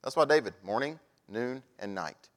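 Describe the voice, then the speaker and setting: A man preaching a sermon, telling folksy stories and swinging from soft asides to loud, animated points. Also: medium pitch, moderate pace.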